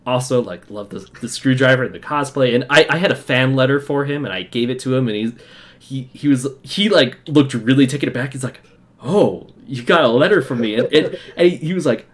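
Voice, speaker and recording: A young man from Utah hosts a casual podcast chat, an excitable storyteller who piles up quick asides and laughs. His voice sits at an ordinary middle pitch, and he rushes through his fan anecdotes with eager energy. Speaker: podcast host.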